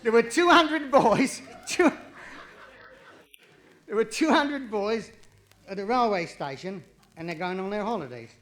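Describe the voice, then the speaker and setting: A man doing live stand-up comedy, cheeky and quick, with jokes that rise into punchlines. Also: high voice, lively intonation, fairly bright tone. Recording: vinyl live recording, audience laughter, distant.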